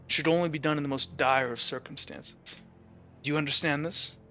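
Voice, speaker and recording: Man GM doing a hushed feline dad, stern yet kind, solemn and slow, bright tone, muffled lo-fi audio. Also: on the high side, fairly even intonation, faint music behind. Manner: quiet, solemn, measured fatherly counsel. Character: stern but gentle cat-folk father, middle-aged.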